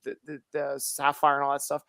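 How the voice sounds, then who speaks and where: Man, casual podcast chat, animated storyteller, acts out quoted voices, dry close sound. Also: on the high side, fairly quick, creaky, dry recording.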